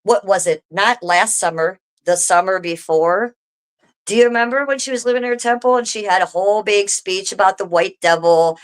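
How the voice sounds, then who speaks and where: A woman's voice: mid-range voice, normal speed. A woman live streaming from home, talking straight to her viewers in a casual, swearing rant. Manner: swearing, animated, talks to viewers directly.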